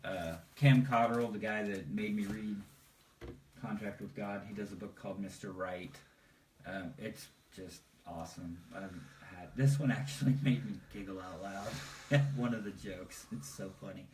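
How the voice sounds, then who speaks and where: A man's voice: lowish voice, fairly even intonation, normal speed, darkish tone. A man chatting casually about comics on a podcast, rambling with lots of fillers and laughing as he retells things. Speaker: podcast co-host. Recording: echoey room, mic at a distance, faint hiss.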